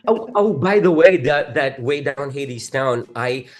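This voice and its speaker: A man with a Filipino accent, a stage actor talking earnestly in a casual chat, excitable and stumbling over restarts. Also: mid-range voice, a little slow. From Philippines. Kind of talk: casual conversation.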